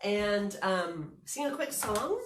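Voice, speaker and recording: A woman's voice: medium pitch, expressive, takes it slowly, slight background noise. A woman librarian reading a picture book aloud at storytime, with chatty, giggly asides to the children.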